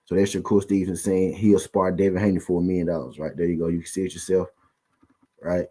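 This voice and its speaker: A man's voice: deep voice, little pitch movement, fast talker, dark tone. A man hosting a boxing channel, giving a casual, repetitive commentary rant full of rhetorical questions to his viewers.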